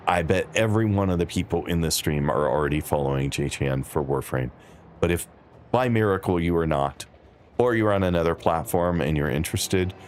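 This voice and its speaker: A man's voice: very deep voice, slight background noise. A man streaming a game, chatting with his viewers in a dry, wry, casual way. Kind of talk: casual live-stream commentary.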